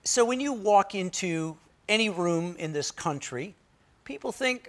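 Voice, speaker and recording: A man's voice: high-pitched, big pitch swings, a little slow, a bit bright. A man hosting an interview, asking friendly, curious questions. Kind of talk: interview conversation.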